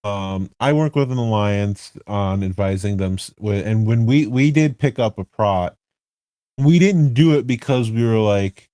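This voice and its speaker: A man's voice: medium pitch, unhurried, warm tone, dry recording. A man hosting a casual podcast, rambling and correcting himself as he builds his points with rhetorical questions. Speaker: podcast host. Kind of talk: casual podcast chat about online game politics.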